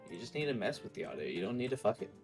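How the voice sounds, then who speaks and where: A man's voice: mid-range voice, very animated, rapid-fire, faint music behind. A man chatting casually on a game stream, wry and laughing, swearing casually. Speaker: co-player on stream. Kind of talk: casual chat.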